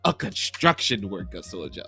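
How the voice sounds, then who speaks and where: A man's voice: low voice, sing-song, normal speed, vocal fry, bright, forceful tone, soft background music. A man co-hosting a morning radio show, joking playfully and laughing often. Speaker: radio co-host. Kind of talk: casual radio banter. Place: radio studio.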